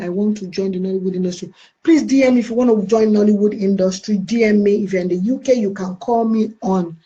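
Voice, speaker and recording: A woman's voice: mid-range voice, mellow, muffled recording. A middle-aged woman with a Nigerian accent, chatting casually on a live stream and greeting viewers by name. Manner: chatty, playful, answers comments by name with blessings. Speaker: live-stream host reading viewer comments. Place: United Kingdom.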